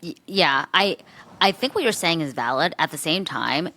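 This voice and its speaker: A woman's voice: deep voice, animated, normal speed, sharp tone. A young woman co-hosting a gossip podcast, chatting casually and playfully, often slipping into impressions. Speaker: podcast co-host. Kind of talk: casual chat.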